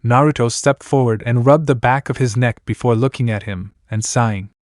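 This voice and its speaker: A man reading a fan story aloud in steady narration. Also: medium pitch, moderate pace, hardly any pauses, dry recording, studio quality. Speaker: fanfiction reader.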